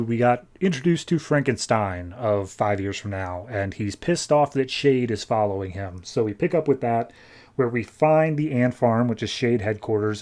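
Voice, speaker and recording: A man's voice: medium pitch, darkish tone. A man with a mid-range voice hosts a podcast and walks through comic book plots in a loose, conversational way. He leans on fillers and keeps the retelling moving. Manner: chatty, filler-heavy retelling with lots of "like". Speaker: podcast host. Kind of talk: casual comic book recap.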